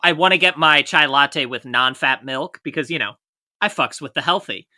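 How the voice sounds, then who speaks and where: A man's voice: fairly high pitch, normal speed, sharp tone. A man co-hosting a podcast, telling wry, self-mocking stories in casual chat. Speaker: podcast co-host.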